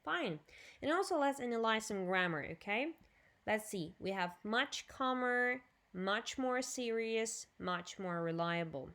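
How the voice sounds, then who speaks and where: This woman speaks with a Ukrainian accent and teaches English vocabulary and grammar in a recorded lesson. She keeps a slow, deliberate pace and drills each word clearly for her students. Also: fairly high pitch, expressive, fairly bright tone. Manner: slow, clear drilling with switches to Russian explanations.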